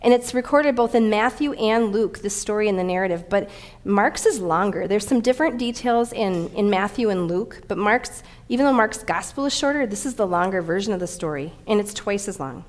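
A middle-aged woman pastor preaching a sermon, telling a personal story with animated, emotional delivery. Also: medium pitch, fairly quick.

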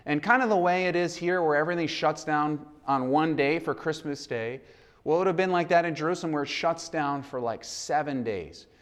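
A pastor delivers a sermon in a brisk, somewhat high male voice. His manner is conversational and earnest, and he acts out the dialogue he quotes.

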